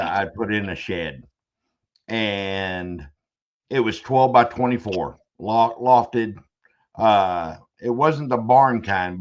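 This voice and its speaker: Podcast host, man, lowish voice, rambling and joking, muffled lo-fi sound. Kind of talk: casual podcast chat. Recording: dull lo-fi audio.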